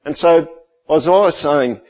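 Middle-aged male pastor, somewhat high-pitched, chatty sermon delivery. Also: takes it slowly, low-quality recording. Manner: conversational preaching, rhetorical questions, drops to quiet intensity.

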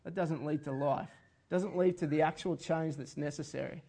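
Man, pastor, sermon, earnest and conversational, light chuckles, a bit high-pitched. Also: fairly even intonation, normal speed, warm tone.

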